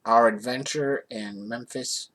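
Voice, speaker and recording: A man tells a casual personal story in a rambling way, often restarting his sentences. His voice sits at an ordinary mid pitch. He comes across as an easygoing vlogger. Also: steady tone, slow, a bit bright. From Johnstown area, USA.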